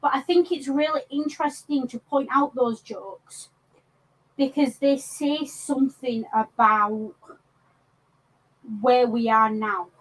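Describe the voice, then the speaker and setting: This English woman co-hosts a podcast and chats about films casually, with lots of ums and restarts. She has a high voice and a slow pace, and the recording quality is low.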